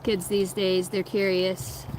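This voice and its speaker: A woman's voice: medium pitch, flat delivery, slow pace. A woman in her thirties or forties reading tarot cards live, chatting loosely with viewers and swearing freely. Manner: loose, profane, laughing, reading chat aloud. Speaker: tarot reader streaming live. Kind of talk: casual live-stream chat and card reading. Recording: loud background noise.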